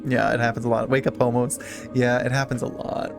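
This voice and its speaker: Gravelly, playful male streamer. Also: medium pitch, flat delivery, fairly quick, over music. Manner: playful, chatty, reads game text aloud. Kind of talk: casual game livestream chat.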